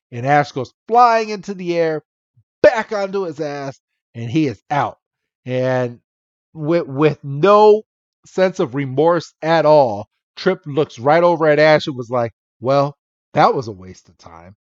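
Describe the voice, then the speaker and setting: Brief: male podcast co-host, slightly high voice, slow delivery, dull dry recording. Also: a little mellow, no echo. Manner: laughing, mocking retelling. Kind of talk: casual recap chat.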